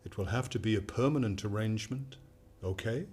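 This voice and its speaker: An actor playing a sinister, controlling male AI companion who talks in a calm, soothing, manipulative way in a radio drama. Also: lowish voice, a little fast, slight background noise, lightly acted. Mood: coaxing.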